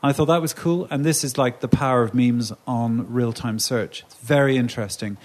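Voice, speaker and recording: A man from England speaking on a conference panel, animated and conversational, often restarting his sentences. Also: medium pitch, fairly quick. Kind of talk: panel discussion.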